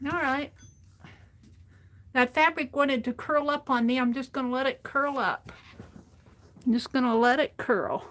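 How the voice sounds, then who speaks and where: A woman's voice: high-pitched, unhurried, pauses often, fairly bright tone. A woman livestreaming as she crafts at her desk, chatting casually and thinking aloud to herself as she works. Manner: talks to herself while working, thinking aloud. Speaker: crafting streamer.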